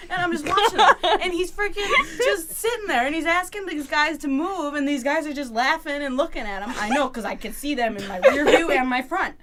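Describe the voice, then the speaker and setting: A young woman guest on a casual podcast, lively and excitable as she tells a story. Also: high-pitched, brisk, a little hiss or hum.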